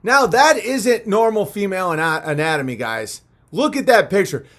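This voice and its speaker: High-voiced man ranting on a livestream. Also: very animated, normal speed, a bit bright. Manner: rambling, profane, mocking. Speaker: livestream host.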